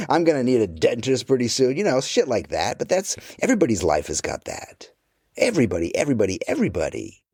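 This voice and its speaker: A man's voice: on the low side, darkish tone, slightly rough. A middle-aged man answering interview questions about his life and work, candid, blunt and profane.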